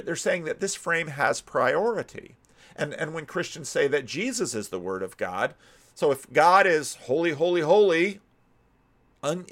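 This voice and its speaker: American pastor teaching in a loose, searching way. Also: male voice, a little high, fairly bright tone. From United States. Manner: thinking aloud, frequent restarts and repeated words. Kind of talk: casual teaching talk.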